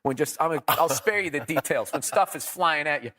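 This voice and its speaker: A man, a comedian guest in an interview, telling profane, animated stories and acting out quotes. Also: on the high side, moderate pace. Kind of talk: storytelling interview.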